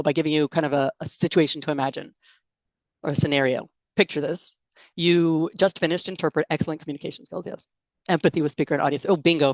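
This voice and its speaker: Low-voiced woman leading a video-call talk. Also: no echo. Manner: chatty and playful, laughs and reacts to chat comments. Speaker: interpreting trainer giving an online talk. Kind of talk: live webinar presentation with audience chat. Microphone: computer mic on a video call.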